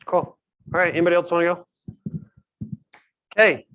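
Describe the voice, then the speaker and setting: A man's voice: a little high, moderate pace, pauses often, a bit bright, no echo. A man hosting a casual team meeting on budgeting, calling on people by name. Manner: upbeat, calls on people by name. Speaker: host of a team finance meeting. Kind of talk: casual group discussion.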